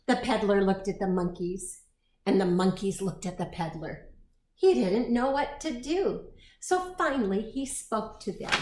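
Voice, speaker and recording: A woman teacher reading a picture book aloud to young children, expressive and slow, with asides to her listeners. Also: medium pitch. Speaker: preschool teacher storyteller. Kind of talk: read-aloud storytime for children. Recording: echoey room, faint noise.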